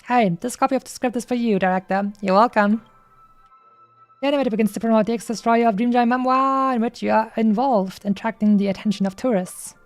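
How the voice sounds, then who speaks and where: A woman's voice: a little high, fairly quick, faint music behind. Playful woman streamer reading game lines. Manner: playful, hesitant reading with many fillers. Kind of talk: reading game dialogue aloud on a live stream.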